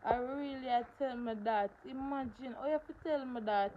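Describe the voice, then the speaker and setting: A woman's voice: high voice, normal speed, dull audio, background noise. Emphatic woman on a livestream. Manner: emphatic, repeats phrases for stress. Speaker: livestream host. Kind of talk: casual livestream storytelling.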